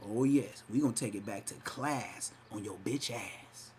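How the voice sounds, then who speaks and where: With a somewhat mellow voice that sits on the low side, a man hosts a livestream podcast at a normal speed. He's hyped, brash and mocking as he trash-talks, shifting into exaggerated voices; a faint hiss or hum runs underneath.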